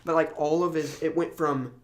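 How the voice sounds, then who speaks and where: A man's voice: a little high, fairly even intonation, normal speed. A young man co-hosting a podcast in casual chat, rambling and stumbling over his words. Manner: rambling, full of ums and restarts. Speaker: podcast co-host.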